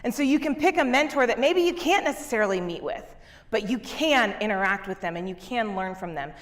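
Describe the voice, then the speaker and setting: A woman business coach giving a motivational keynote talk on a conference stage, energetic and often laughing as she talks to the crowd. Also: fairly high pitch, a little fast.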